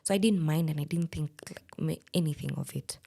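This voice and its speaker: A woman's voice: deep voice, brisk, vocal fry, mellow. A woman, speaking candidly as a guest and telling a personal story in a podcast interview. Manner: candid, plain-spoken.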